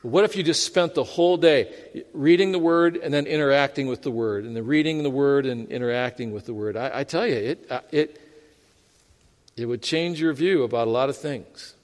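A man's voice: medium pitch, moderate pace. A man preaching a sermon as a pastor, conversational and self-deprecating, often laughing at himself. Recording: long hall reverb.

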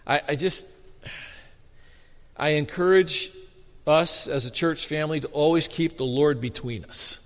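A man preaching a sermon as a pastor, animated and storytelling with humor, often restarting his words. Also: a little high, unhurried, long pauses. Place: church sanctuary. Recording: long reverb of a hall.

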